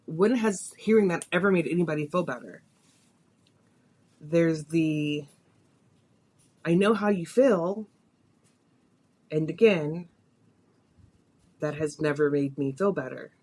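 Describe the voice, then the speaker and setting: A woman's voice: deep voice, a little slow, pauses often, darkish tone. A woman hosting a podcast, telling a personal story in a confessional, emotional way, her voice rising and falling with feeling. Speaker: podcast host.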